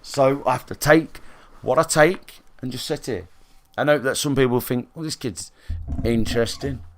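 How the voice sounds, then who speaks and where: Alone in his room, an English man streams games and talks to his live audience in a rambling, blunt way, swearing plenty and using fillers and restarts. He speaks at a medium pitch and a moderate pace.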